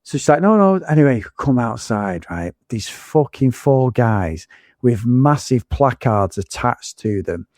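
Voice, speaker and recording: A man's voice: medium pitch, animated, unhurried, darkish tone, dry recording, clean studio sound. A man co-hosting a podcast, telling a rambling, sweary anecdote in casual chat. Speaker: podcast co-host.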